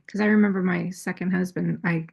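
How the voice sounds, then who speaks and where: A woman hosting her own channel, talking candidly and self-critically about her past. Her voice sits fairly low and is thick with gravelly fry and a husky edge. She often restarts her phrases as she tells the story. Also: steady tone, brisk, a little mellow, lo-fi sound. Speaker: astrology and tarot channel host. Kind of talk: casual confessional talk.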